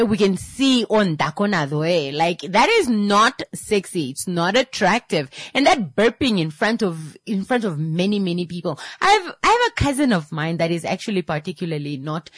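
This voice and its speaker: A young woman talks straight to her audience in a lowish, husky voice, blunt and openly exasperated. She keeps hammering rhetorical questions. The sound is close and dry, with no room echo. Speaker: vlogger. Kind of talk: casual opinion monologue.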